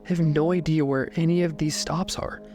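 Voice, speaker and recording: A man's voice: a little high, fairly even intonation, brisk, a little mellow, faint music behind, close to an everyday voice. A man voicing his young male college friend, talking anxiously in rambling bursts. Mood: panicked.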